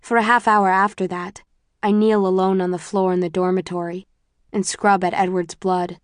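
A woman narrating a first-person audiobook in a measured, subdued way. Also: medium pitch, flat delivery, clear, resonant tone, dry recording, clean studio sound.

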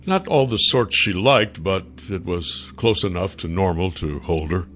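Calm male storybook narrator. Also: low-pitched, measured pace, soft background music.

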